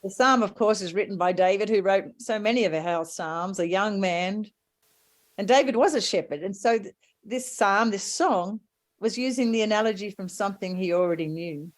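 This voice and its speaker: A woman's voice: mid-range voice, moderate pace, dry recording, low-quality recording. Woman giving a sermon, easygoing storyteller, dry close sound. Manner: gentle storytelling with warm asides. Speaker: preacher.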